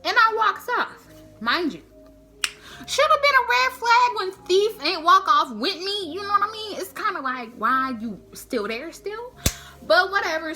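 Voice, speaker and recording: A young woman tells a storytime in a high, animated voice full of slang. Her pitch leaps up and down as she acts out the story, and her tone stays bright. Faint music sits under her voice. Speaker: vlogger. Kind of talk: storytime vlog.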